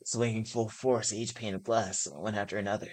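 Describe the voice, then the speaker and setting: While streaming a visual novel, a woman with a very deep voice narrates the first-person text fairly quickly. She breaks into laughter at some moments and reacts with excitement between passages.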